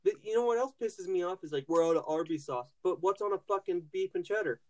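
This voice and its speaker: A man's voice: sits high, quick pace. Young man ranting through a profane story. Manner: rambling, heavy swearing, frequent restarts. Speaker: podcast host.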